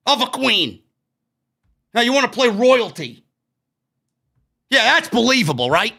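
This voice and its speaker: A man with a New York accent tears into a wrestling show in a loud, profane rant. His voice sits high and bright, and it swings widely in pitch as he yells and then drops low. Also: big pitch swings, a little slow, vocal fry, long pauses. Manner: loud profane ranting, frequent shouting. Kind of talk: ranting show review.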